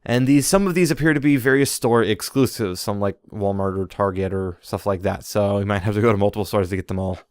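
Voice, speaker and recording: A man with a lowish voice co-hosts a casual podcast, reading through a list of toy news. He throws in jokey puns as he goes, and his voice sounds dry and close to the mic. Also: a little fast, few pauses, clear, resonant tone, dry recording. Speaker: podcast co-host.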